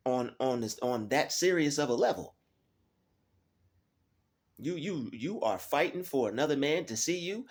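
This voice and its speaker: A man's voice: medium pitch, breathy edge. Preachy male vlogger, stumbling repeats. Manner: preachy, addresses viewers as fellas, repeats words while finding them. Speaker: YouTube channel host. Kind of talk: casual monologue to camera.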